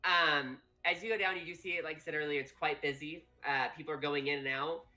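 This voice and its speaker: A woman's voice: deep voice, fairly even intonation, brisk, pushed and bright. A woman narrating a tabletop game as game master, loose and rambling. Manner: loose and rambling, many fillers.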